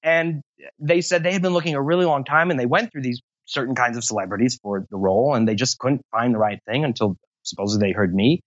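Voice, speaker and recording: A man's voice: medium pitch, fast, no room sound, muffled recording. A man being interviewed about voice acting, talking at length in a rambling, self-deprecating way. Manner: rambling, long-winded, self-deprecating humor. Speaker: voice actor interview guest. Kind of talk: casual interview talk.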